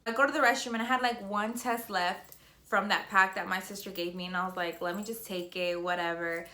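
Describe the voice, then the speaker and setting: Young woman vlogger, bright voice, chatty and breathless, emotional. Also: mid-range voice, fairly quick, reverberant. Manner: chatty, tearful and excited, many fillers. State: slightly out of breath. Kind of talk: emotional personal vlog.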